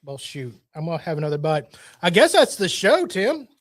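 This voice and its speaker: High-voiced drawling male co-host. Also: big pitch swings, normal speed. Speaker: podcast co-host. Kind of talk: casual sports show chat.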